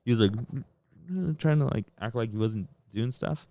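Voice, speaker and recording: A man co-hosting a podcast, chatting casually about soccer, animated and swearing freely. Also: normal speed, dry recording. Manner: animated, swears, mimics players in a high voice. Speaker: podcast co-host.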